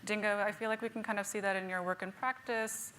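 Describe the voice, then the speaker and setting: A woman's voice: mid-range voice, steady tone, quick pace, a bit bright, a little hiss or hum. Woman moderator, friendly and hedging. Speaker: moderator, museum curator. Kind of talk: moderating a panel. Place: museum talk before an audience.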